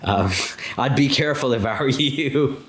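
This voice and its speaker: A man's voice: mid-range voice, measured pace, a bit bright. A man hosting a casual interview, reading out questions and reacting with enthusiastic praise. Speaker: host.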